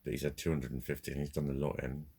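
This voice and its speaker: A man with a very low, gravelly, husky voice rants about his day in a sweary, heated monologue. He tells it as casual storytelling and laughs in bursts along the way. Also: little pitch movement, rapid-fire, dark tone. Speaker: vlogger.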